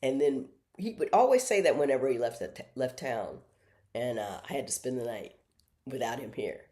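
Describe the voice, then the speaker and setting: A middle-aged woman with a strikingly deep voice tells stories from home in a casual monologue. Her pitch swings widely as she acts out the other people in them. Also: expressive, normal speed, warm tone. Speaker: host.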